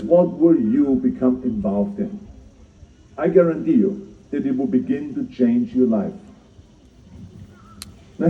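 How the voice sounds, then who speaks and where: An older man with a German accent gives an emphatic public speech, repeating his key phrases and joking at his own expense. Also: mid-range voice. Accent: German-speaking. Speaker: keynote speaker at a citizenship ceremony. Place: outdoor ceremony. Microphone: speaker's mic filmed from the audience. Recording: distant, echoey, dull audience phone recording.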